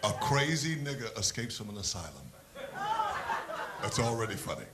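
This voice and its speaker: A man's voice: mid-range voice, expressive, moderate pace, heavy background noise. A man doing a stand-up comedy set, telling blunt, profane, provocative stories.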